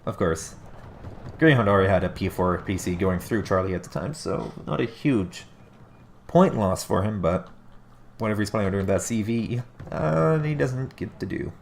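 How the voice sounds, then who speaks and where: A caster speaks at a moderate pace into a desk mic, offering casual live commentary on a strategy game replay. His deep, gravelly voice is stuffy and nasal from allergies, he muses and revises his phrasing mid-sentence, and faint hiss lies beneath.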